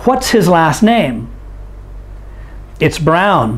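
A man teaching English, drilling phrases slowly and repeating them for students to echo. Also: on the high side, big pitch swings. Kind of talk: language lesson drilling.

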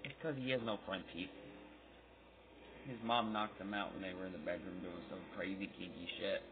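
A man's voice: sits low, steady tone, moderate pace, background noise. A young man hosting a channel, rambling through silly, off-the-cuff comedic chat and giggling. The recording sounds tinny and phone-like.

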